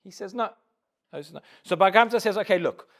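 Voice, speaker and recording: A man's voice: high voice, a little fast. A rabbi teaching a Talmud class, explaining the story step by step and acting out the dialogue, often repeating little words as he starts a sentence. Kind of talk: Talmud lecture to a live class.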